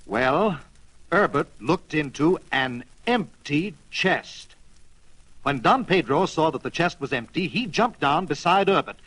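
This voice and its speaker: A man's voice: a little high, a bit bright, no echo, low-quality recording. A man narrating a children's storybook in a playful, dramatic read-aloud manner.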